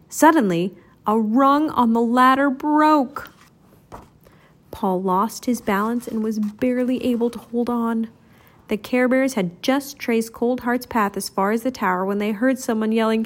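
A woman reading a children's storybook aloud, narrating expressively. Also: a little high. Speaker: storybook reader.

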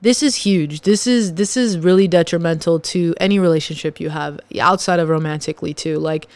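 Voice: mid-range voice, a little fast, a little mellow, dry recording. A podcast host giving a casual motivational monologue, speaking straight to the listeners and repeating phrases for punch. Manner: addresses listeners directly.

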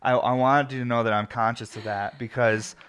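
A man's voice: medium pitch, steady tone, a little fast, a bit bright, clear, resonant tone. A young man hosting a casual talk show, chatting loosely with lots of fillers, restarts and self-interruptions. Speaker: host of a smoking video show. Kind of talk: casual chat.

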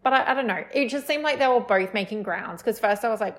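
A woman's voice: fairly high pitch, quick pace. A woman co-hosting a casual podcast, giving playful, opinionated takes on reality TV. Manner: opinionated, playful, rants in jest. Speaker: podcast co-host. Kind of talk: casual chat recapping reality TV.

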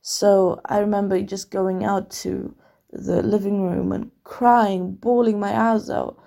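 A woman's voice: mid-range voice, little pitch movement, takes it slowly, creaky, warm tone. A young woman candidly recounting her childhood and family in a rambling personal vlog, with frequent fillers and restarts.

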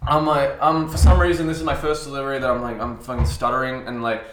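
A man's voice: mid-range voice, steady tone, quick pace, hardly any pauses. A young man hosting a casual chat show, telling stories with a laugh and acting out what people said. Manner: laughing storyteller, acts out quotes loudly. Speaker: podcast host. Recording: echoey room.

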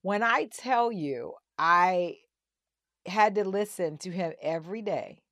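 A middle-aged woman interviewing a guest in casual conversation, telling animated stories and acting out the people she quotes. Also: fairly low pitch, takes it slowly, no room sound, studio quality. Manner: animated storyteller, breaks into voices when quoting.

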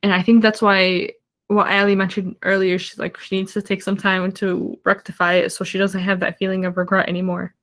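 A woman's voice: mid-range voice, level tone, a little fast, a bit bright. A woman in a casual panel chat about a TV drama, earnest and reflective. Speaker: podcast panelist discussing a TV drama.

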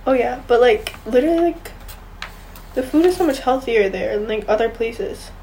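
A woman's voice: a little high, lively intonation, moderate pace, mellow, slight background noise, rough recording. A young woman co-hosting a casual chat, bubbly and rambling, with lots of fillers. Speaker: podcast co-host.

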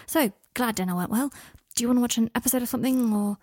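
A woman reading the lines of a gentle, earnest young wizard in an audiobook of fan fiction, speaking in a soft, often whispered voice. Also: a little high, fast, no room sound, studio quality, lightly acted.

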